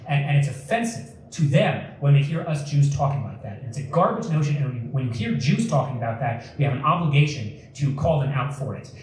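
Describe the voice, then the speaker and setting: A man's voice: fairly high pitch, darkish tone. An earnest young man gives an impassioned public talk and hammers his points with emphasis. He is heard from a distance in a very echoey community hall. Faint noise sits behind him. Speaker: guest speaker.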